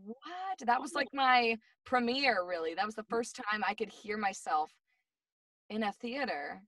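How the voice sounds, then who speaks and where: Woman guest, bright and giggly, higher voice, dry slightly distant remote mic. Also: expressive, a little slow, no room sound. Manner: bubbly, giggly, gushing. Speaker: voice actress guest. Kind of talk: casual interview chat.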